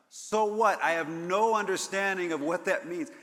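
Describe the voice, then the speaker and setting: A man moderating a live conference panel, energetic and rallying the audience, often laughing. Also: sits high, moderate pace, long reverb tail. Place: conference stage.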